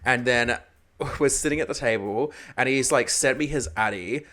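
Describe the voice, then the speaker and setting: A man's voice: medium pitch, normal speed, fairly bright tone. A young man, co-hosting a podcast and telling a gossipy story full of camp slang. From Australia. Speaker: podcast co-host. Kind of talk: casual chat.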